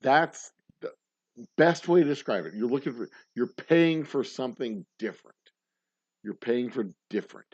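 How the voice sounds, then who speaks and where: Guy on a livestream, a bit slurred, talks fast, dull dry audio. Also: mid-range voice, lively intonation, dry recording. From Texas. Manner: fast-talking, rambling. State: tipsy, slurring. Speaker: livestream host. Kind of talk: casual livestream chat.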